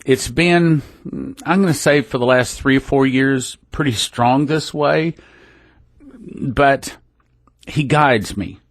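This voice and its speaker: A man's voice: mid-range voice, slow, long pauses, no echo. A man hosting a religious radio program, talking in a folksy, rambling way that often breaks off and restarts. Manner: folksy, rambling, self-interrupting. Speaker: radio ministry host. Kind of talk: casual religious radio talk. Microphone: studio microphone.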